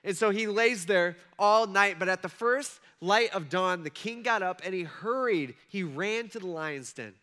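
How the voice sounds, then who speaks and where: A man's voice: sits high, unhurried, few pauses, pushed and bright. A man preaching a sermon in a conversational way, with frequent asides to his listeners. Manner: conversational, frequent asides and check-ins with the audience. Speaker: pastor.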